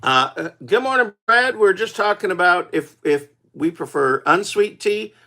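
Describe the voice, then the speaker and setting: A man's voice: high voice, lively intonation, normal speed, bright, forceful tone. A man, a singer-songwriter, hosting his own live stream and chatting casually with viewers, teasing them playfully while reading out their comments.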